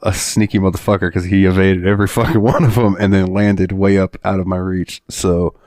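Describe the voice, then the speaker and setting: A man's voice: sits low, little pitch movement, a little fast, darkish tone, dry recording, clean studio sound. A man co-hosting a podcast, telling a rambling story in casual chat, laughing and swearing freely. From Florida. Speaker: podcast co-host.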